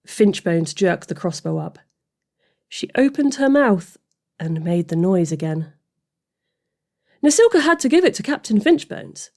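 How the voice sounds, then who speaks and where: Expressive woman reading a story. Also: lowish voice, unhurried, pauses often. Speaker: narrator. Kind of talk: audiobook fiction reading.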